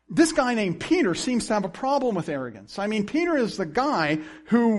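A pastor preaching a sermon, acting out the people he quotes and laughing now and then. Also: sits high. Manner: animated preaching with acted-out quotes and chuckles.

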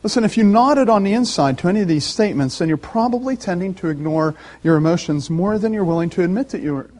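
A man pastor preaching a sermon, animated and emphatic, with dramatic pauses. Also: high-pitched.

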